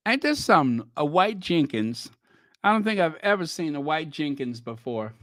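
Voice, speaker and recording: A man's voice: on the high side, big pitch swings, moderate pace, a bit bright, no room sound, studio quality. A man from the United States hosting a channel, giving chatty, teasing commentary on news clips with laughing asides. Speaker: channel host.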